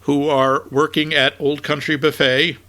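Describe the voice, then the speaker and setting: Man, podcast co-host, casual film chat, slightly high voice, from New England. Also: level tone, measured pace, very noisy. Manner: rambling, chatty, with many restarts.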